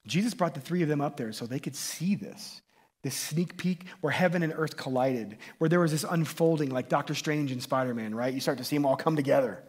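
A man preaching in a loose, conversational way, his voice sitting a little high and sounding husky. He gets excitable, trips over restarts and keeps checking in with his listeners. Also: a little fast. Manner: conversational, excitable, frequent restarts and "right?" tags. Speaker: pastor. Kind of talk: sermon.

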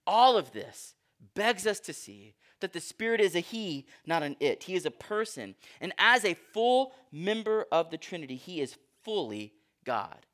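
A man's voice: high-pitched, sing-song, unhurried, a bit bright. A man preaching a sermon as pastor, teaching in an engaging way, asking the congregation questions and reading scripture aloud with emphasis.

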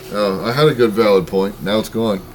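A man's voice: on the low side, a little mellow. A man co-hosting a podcast in casual chat, rambling, swearing and losing his train of thought. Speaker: podcast co-host.

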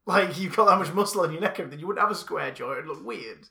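A man co-hosting a casual podcast, rambling and animated, often restarting his sentences. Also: high voice, quick pace, gravelly. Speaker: podcast co-host. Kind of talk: casual comics chat.

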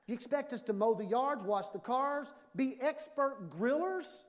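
A man in his fifties preaching a sermon with humor, animated and jokey, acting out little dialogues. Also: extremely high pitch, unhurried, hardly any pauses, a faint crowd. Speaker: pastor. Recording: long hall reverb.

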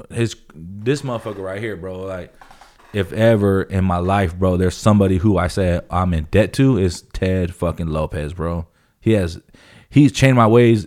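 Low-pitched and somewhat dark in tone, the voice belongs to a man in his thirties from California appearing as a guest on a podcast. He swears plenty, drops "bro" nonstop, and tells his stories with emphasis in relaxed chat.

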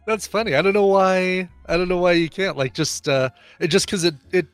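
Playful higher-voiced man co-host. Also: a little fast, smooth, no room sound, soft background music. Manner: playful, joking, pitches ideas. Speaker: podcast co-host. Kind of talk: casual chat.

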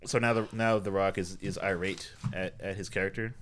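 A man with a somewhat low voice recaps a movie plot in a relaxed chat. He drops wry, dry jokes as he goes. His delivery is easygoing and conversational. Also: a little fast, slight background noise. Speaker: podcast co-host. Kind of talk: casual movie review chat.

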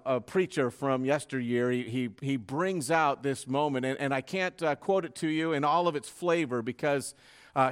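A man preaching a sermon with fervor, dropping to a hush and then rising to loud, dramatic peaks. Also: mid-range voice, clear, resonant tone. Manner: dramatic preaching, swinging from hushed to loud, fervent.

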